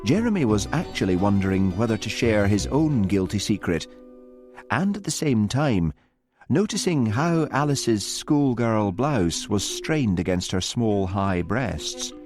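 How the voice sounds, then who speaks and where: A man narrating an audiobook with expressive storytelling. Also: lowish voice, a little slow, soft background music. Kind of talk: scripted narration.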